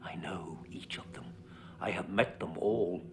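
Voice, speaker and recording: A whispering, mad young dancer. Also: male voice, low-pitched, a little slow, vocal fry, background noise. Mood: hushed rapture. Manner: hushed, often whispered, breaking into far-off shouts. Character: tormented, ecstatic young male dancer sliding into madness. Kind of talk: film voice-over monologue.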